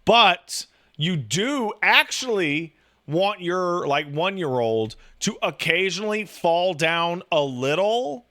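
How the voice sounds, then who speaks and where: A man in loose casual chat, talking in a slightly raised register with a bright, forceful edge. He rambles and swears freely, leaning on "like" as he acts out the voices in his stories. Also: high-pitched, slow. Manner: profane, rambling, animated storytelling with acted-out quotes; filler-heavy, says "like" constantly.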